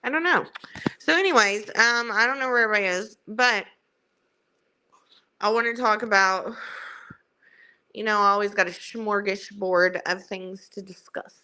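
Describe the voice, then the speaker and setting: A woman's voice: mid-range voice, moderate pace, long pauses, pushed and bright, smooth. A woman with a Southern US country accent, hosting a livestream in chatty, rambling, self-mocking casual talk. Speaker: livestream host. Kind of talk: casual chat.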